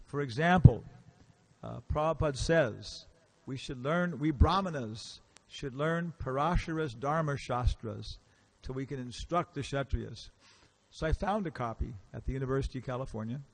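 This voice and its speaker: A man's voice: mid-range voice, moderate pace, vocal fry. A man giving a casual, storytelling lecture in a temple hall, acting out the characters he quotes and asking the audience questions. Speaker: visiting lecturer.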